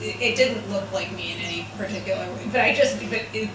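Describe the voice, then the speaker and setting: Halting woman in a very echoey room. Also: medium pitch, far from the mic, noisy background. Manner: halting, full of fillers and restarts. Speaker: interviewee describing a dream. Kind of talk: casual recollection.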